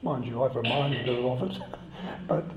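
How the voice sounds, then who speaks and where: A man's voice: medium pitch, unhurried, a little hiss or hum. A man giving a chatty, conversational sermon and joking with the congregation. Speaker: preacher. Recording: echoey, slightly dull church recording.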